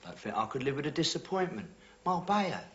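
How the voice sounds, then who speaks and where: An actor playing a brash, jokey London bricklayer with a London accent, in a 1980s TV drama. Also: male voice, fairly high pitch, big pitch swings, fast talker, fairly bright tone, breathy edge, exaggerated voice. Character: cocky London bricklayer, womanising. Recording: dull lo-fi TV audio with hiss.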